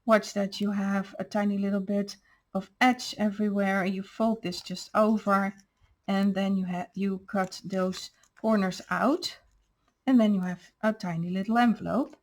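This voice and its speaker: A woman's voice: medium pitch, steady tone, unhurried, darkish tone. A woman hosting a craft channel, patiently explaining step by step how she made each paper piece. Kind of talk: crafting show-and-tell.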